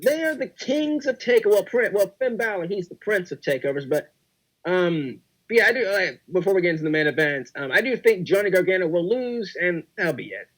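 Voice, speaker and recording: A young man talks casually on a podcast, excitable and full of hype, driving each point home by repeating it. His voice sits fairly high for a man. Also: a little fast, low-quality recording. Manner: excitable, repetitive hype talk. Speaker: podcast co-host.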